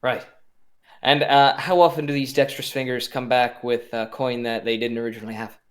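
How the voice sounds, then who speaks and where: A man's voice: mid-range voice, level tone, brisk. A man playing a tabletop game, talking casually and easygoing, often restarting his sentences. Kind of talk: casual in-character play.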